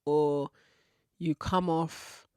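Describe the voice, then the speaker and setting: A woman's voice: low-pitched, fairly even intonation, extremely slow, darkish tone, smooth, no echo, studio quality. Candid woman podcast host. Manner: candid, swears casually, laughs often. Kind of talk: frank advice monologue.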